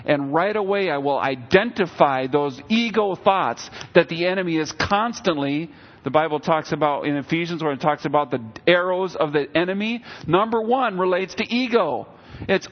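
A man's voice: fairly high pitch, moderate pace, dull audio. A middle-aged man preaching a sermon as a pastor, in a conversational way, and acting out little quotes as he goes.

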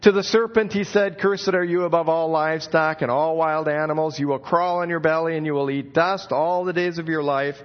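A man's voice: fairly high pitch, a little fast, few pauses. A middle-aged man preaching a sermon, telling stories and acting out the calls in his passage. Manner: expressive storytelling, acts out calls of "where are you". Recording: dull lo-fi sound.

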